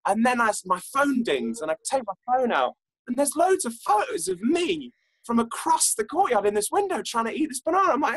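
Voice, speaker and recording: A man's voice: very high-pitched, brisk, dry recording, rough recording. A young man, an actor, chatting as an interview guest and telling funny stories with frequent laughter. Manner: animated storyteller, laughs often. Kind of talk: casual interview chat.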